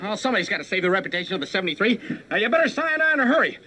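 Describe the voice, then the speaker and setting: An actor playing a flustered, earnest young navy ensign who stammers and pleads, in a 1960s sitcom. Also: male voice, high-pitched, very animated, rapid-fire. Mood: determined. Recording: noisy old TV soundtrack.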